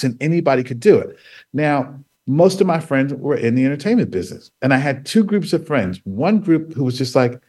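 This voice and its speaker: A man's voice: mid-range voice, normal speed, husky. A man telling his own story as a guest on a radio talk show, acting out what other people said. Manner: animated storyteller, acts out quoted voices.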